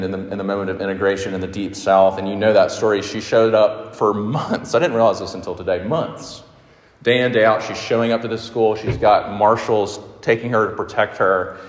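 A man, preaching a sermon as pastor in a conversational storytelling way. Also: on the low side. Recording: roomy echo with long reverb.

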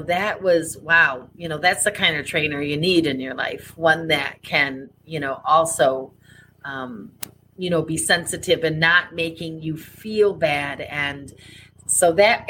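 A woman's voice: fairly low pitch, a little slow, bright, forceful tone, a little hiss or hum, low-quality recording. A woman co-hosting a podcast in casual conversation, emphatic and blunt, with many fillers. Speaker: podcast co-host.

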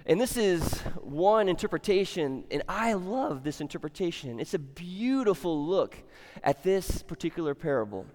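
A fairly high-voiced man preaches with easy enthusiasm, talking to his congregation as if chatting with friends and tripping over a word now and then. His voice rings out through the long reverb of a church sanctuary. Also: lively intonation, moderate pace, hardly any pauses, a little mellow, slight background noise. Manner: conversational, enthusiastic, stumbles and repeats words. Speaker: pastor. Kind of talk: sermon.

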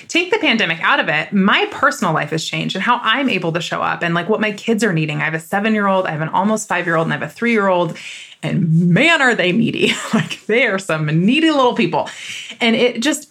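A woman's voice: mid-range voice, fairly bright tone. Woman, 30s, solo podcast host; emphatic, fired-up, candid delivery.

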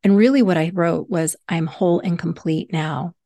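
Gravelly-voiced woman podcast host. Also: on the low side, moderate pace, dark tone, no echo. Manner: earnest, repeats key points for emphasis. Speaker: podcast host and hypnosis coach. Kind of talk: solo podcast teaching.

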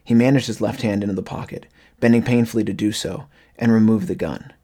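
Husky low-voiced man narrating horror. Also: steady tone, a little fast, mellow.

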